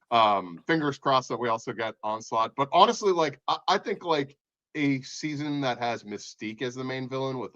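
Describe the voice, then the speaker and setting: A man's voice: medium pitch, a bit bright, no echo, muffled recording. A man co-hosting a casual pop-culture podcast, rambling eagerly with restarts and laughs. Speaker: podcast co-host. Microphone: remote podcast mic.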